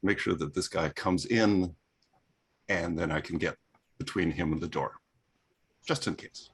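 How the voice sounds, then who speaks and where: A man playing a tabletop game, calmly laying out a plan. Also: sits low, husky. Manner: measured, planning aloud. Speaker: player.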